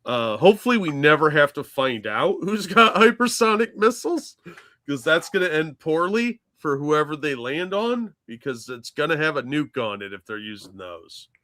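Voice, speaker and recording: A man's voice: a little high, sing-song, normal speed, bright, forceful tone. A man co-hosting a casual political chat show, bantering in a dismissive, sardonic way. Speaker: show co-host.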